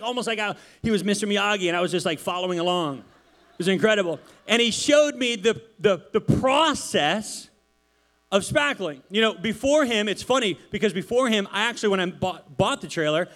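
High-voiced, chatty man preaching. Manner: chatty, animated storytelling with many asides. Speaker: pastor. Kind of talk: casual sermon. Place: church.

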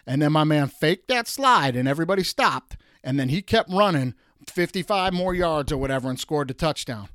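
A man from Detroit hosting a sports show, ranting with exasperated emphasis and jumping up high when he mocks. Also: fairly quick, a bit bright, no echo, clean studio sound. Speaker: podcast host. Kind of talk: animated sports rant.

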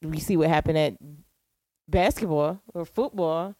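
A young woman co-hosting a podcast in casual chat, quick and chatty, laughing and swearing freely. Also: sits low, a little mellow, no echo. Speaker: podcast co-host.

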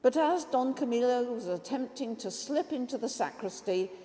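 A woman preacher giving a measured, reflective sermon that includes a story read aloud. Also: on the high side, animated, warm tone, in a large hall.

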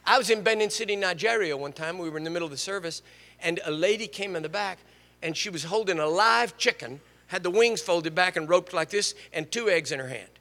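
An older man preaching in a church sanctuary, telling stories and teasing his congregation. His voice is bright and sits a bit high for a man. A long reverb trails after each phrase. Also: brisk. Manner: storytelling, animated, jokes with the congregation. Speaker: guest preacher. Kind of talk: sermon.

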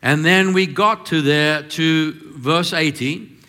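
Guy preaching a sermon, bright kinda high voice, big echoey church, goes from punchy loud bits to quiet storytelling. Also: slow pace. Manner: emphatic, swings from loud preaching to soft confiding. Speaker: pastor.

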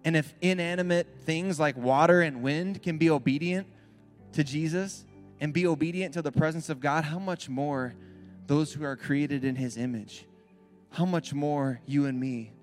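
A man's voice: a little high, normal speed, soft background music. Casual-sounding man preaching a sermon. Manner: casual, conversational preaching with frequent "right?". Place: church.

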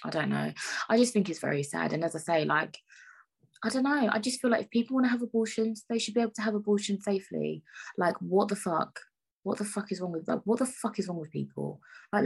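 Husky woman ranting on her podcast. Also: medium pitch, lively intonation, a little fast, a little mellow. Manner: frank, exasperated, swears freely, many fillers. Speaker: podcast host. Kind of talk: solo podcast rant.

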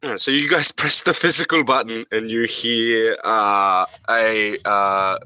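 A man's voice: lowish voice, slow pace, bright, forceful tone, dry recording, rough recording. A man running a tabletop game as game master, describing scenes hesitantly with many fillers.

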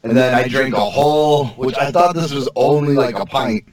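A man's voice: medium pitch, moderate pace, a little mellow, reverberant, recorded from a distance, low-quality recording. A man co-hosting a podcast, telling a rambling story full of fillers and laughing often. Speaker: podcast co-host. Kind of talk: casual banter.

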